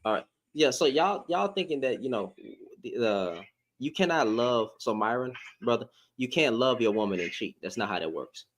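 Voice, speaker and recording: A man co-hosting a heated casual debate, loud and mocking, who laughs often. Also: mid-range voice, animated, moderate pace.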